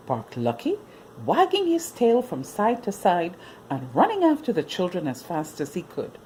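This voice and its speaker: A woman reading a children's story aloud as a storyteller, in an expressive, sing-song manner. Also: fairly low pitch, normal speed, slight background noise.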